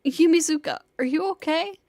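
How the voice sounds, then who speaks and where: A woman reading as a gentle teenage boy. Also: fairly high pitch, steady tone, breathy edge, no room sound, studio quality. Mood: worried. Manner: soft, reassuring, unhurried. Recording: music playing behind.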